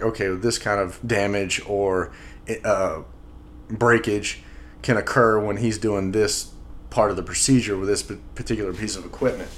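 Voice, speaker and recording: A man in casual conversation, telling a story haltingly with many restarts and repeated words. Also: low-pitched, a little hiss or hum. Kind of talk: casual podcast chat.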